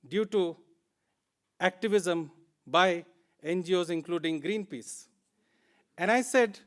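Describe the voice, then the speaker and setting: A man with an Indian English accent giving a plenary conference talk, earnest and emphatic, repeating words for stress. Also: sits high. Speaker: conference speaker.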